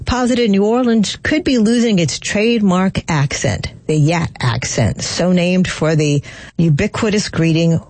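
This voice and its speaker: A woman radio host reading scripted news introductions in a crisp manner. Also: on the low side, darkish tone, no room sound.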